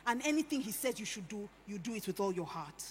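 A woman preaching a sermon, animated, swinging between hushed lines and loud emphatic ones. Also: medium pitch, fast, husky. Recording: echoey hall with faint ambience.

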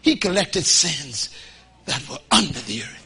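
A man from the Bahamas, preaching a sermon in an emphatic, folksy and humorous way that builds to shouting as he urges the congregation to respond. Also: fairly high pitch, big pitch swings, a little slow, husky.

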